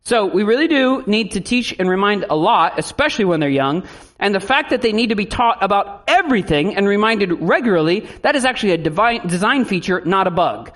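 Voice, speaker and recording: A man preaching a sermon as a pastor, in a lively style with animated asides. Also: high voice, a little fast.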